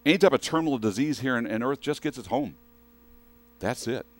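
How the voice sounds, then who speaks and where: A man's voice: medium pitch, animated, a little fast. A man preaching a sermon in a conversational way, often asking the congregation questions. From western United States.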